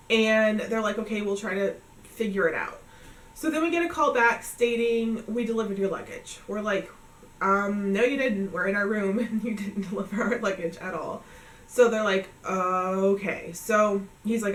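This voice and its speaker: A woman's voice: mid-range voice, a bit bright, distant mic, slight background noise. Chatty woman vlogger in an echoey room. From New England. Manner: chatty, filler-heavy retelling with quoted dialogue. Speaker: family vlogger. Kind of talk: casual storytelling recap.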